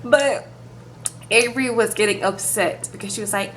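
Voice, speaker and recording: With a mid-range voice at a moderate pace, this young woman dishes on reality TV casually and sassily, leaning heavily on "like" and "okay." She's animated, and there's a little background noise.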